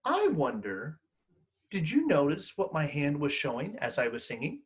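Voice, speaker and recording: Animated male elementary music teacher, high and very expressive voice, coaxing kids to sing along. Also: moderate pace, slightly rough. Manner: animated, encouraging, sings call-and-response songs. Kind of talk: online music lesson for children.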